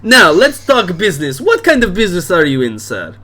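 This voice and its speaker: Man doing a loud boozy bar-owner dad. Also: wildly swooping pitch, a little fast, exaggerated voice. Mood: pushy. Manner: booming, pushy, jovial. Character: loud boisterous hard-drinking bar-owner father.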